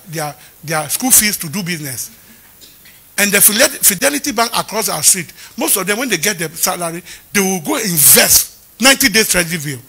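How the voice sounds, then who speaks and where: Man, pastor, sermon, husky voice, animated storytelling. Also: sits high. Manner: lively storytelling preacher who acts out the people he quotes. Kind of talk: preaching a sermon.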